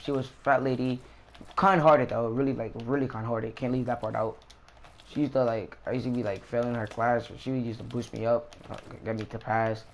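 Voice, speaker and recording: A young man casually telling a story about a school fight in slangy, animated street talk with swearing. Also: medium pitch, moderate pace, gravelly, a little hiss or hum. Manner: slangy, animated retelling with profanity.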